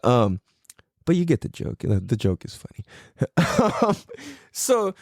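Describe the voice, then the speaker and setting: Animated, laughing podcast host man. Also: on the high side, slow pace, no echo, clean studio sound. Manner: laughs often, swears, acts out relatives' voices. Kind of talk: casual comedic monologue.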